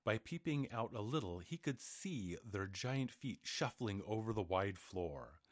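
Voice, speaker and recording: A man reads a fairy tale aloud in an expressive storybook manner. His voice sits low, yet it rises and falls widely through each sentence, and the recording is close and dry. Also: a little slow, no room sound. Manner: expressive, animated. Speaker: narrator. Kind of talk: storybook reading.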